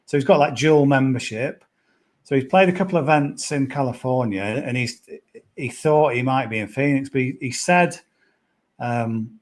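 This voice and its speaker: A man's voice: medium pitch, moderate pace. Rambling man in golf-betting chat. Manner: rambling, hesitant, lots of "sort of" and "yeah". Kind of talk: casual podcast chat.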